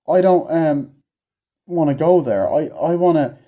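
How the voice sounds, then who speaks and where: A man mocking a flustered male scientist in a high, stammering, whiny voice. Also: unhurried, mellow, natural voice. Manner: stammering, hesitant, high-pitched.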